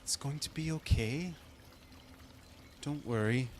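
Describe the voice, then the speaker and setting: A man voicing a gentle, motherly former queen who speaks softly and tenderly. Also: on the low side, steady tone, slow pace, slight background noise. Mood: soothing.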